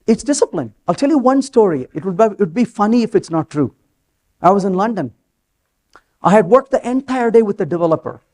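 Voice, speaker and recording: A man giving a live conference talk on stage, telling stories animatedly and acting out the dialogue. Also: high voice. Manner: animated storytelling, acts out quoted dialogue. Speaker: conference speaker.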